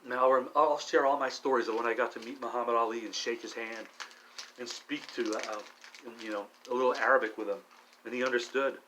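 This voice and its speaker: A middle-aged man vlogging alone while high, rambling with many restarts and frequent swearing. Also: fairly even intonation, a little fast, pushed and bright, slight background noise, poor audio. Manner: meandering, profane, restless restarts. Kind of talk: rambling solo monologue.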